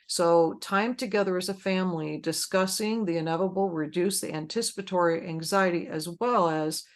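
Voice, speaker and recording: A woman's voice: on the low side, moderate pace. Woman hosting a support group, casual, rambly, lots of ums. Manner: rambling, with frequent fillers and restarts.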